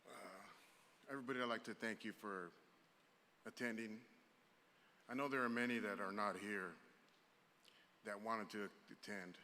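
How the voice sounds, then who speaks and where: A man's voice: lowish voice, fairly even intonation, normal speed, pauses often, sharp tone. A man speaking as a father giving a eulogy at a funeral, telling stories in a conversational, anecdotal way. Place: church sanctuary. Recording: reverberant church hall with faint ambient noise.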